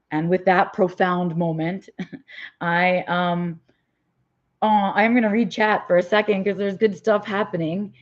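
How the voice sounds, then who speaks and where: A woman live-streaming a candid personal vlog, rambling with fillers and restarts, while fighting a migraine. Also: on the low side. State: has a migraine. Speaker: vlogger. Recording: dull lo-fi audio.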